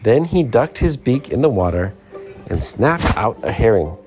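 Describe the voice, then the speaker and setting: A man reading a children's picture book aloud, with expressive, sing-song storytelling. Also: medium pitch, moderate pace, over music. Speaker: storybook reader.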